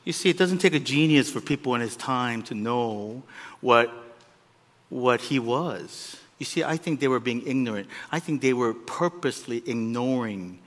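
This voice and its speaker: A man preaching a sermon as a pastor, with animated delivery that swings between loud peaks and quiet asides. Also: mid-range voice, moderate pace. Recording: long reverb of a large hall.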